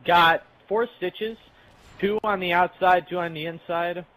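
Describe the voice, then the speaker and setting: A man's voice: high voice, fairly even intonation, measured pace, bright, forceful tone, poor audio. A young man casually telling a rambling, profane story while playing a game with friends. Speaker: channel host.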